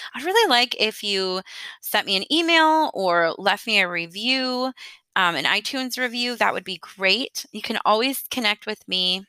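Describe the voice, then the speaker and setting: A woman in her thirties hosts a solo podcast in a casual monologue, chatty and earnest, with light laughs here and there. Her voice is medium-pitched with a sharp tone, recorded with no echo.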